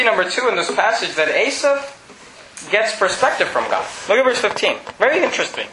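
A man preaching a sermon, his voice pitched very high and ringing sharp and forceful. He presses his points emphatically and often climbs into a shout. The sound echoes through a roomy church, with faint noise underneath. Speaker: pastor. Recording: echoey room.

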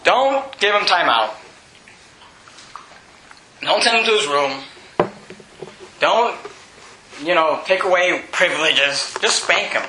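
A man preaching a sermon as pastor, emphatic and often shouting, with chuckles between points. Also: sits high, noisy background. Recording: roomy echo.

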